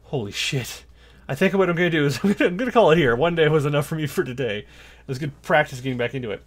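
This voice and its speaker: A man's voice: fairly high pitch, lively intonation, quick pace. Breathless gaming commentator, chatty man. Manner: chatty, muttering orders and counting under his breath. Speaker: gaming YouTuber. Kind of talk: gameplay commentary. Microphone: desk mic with face cam.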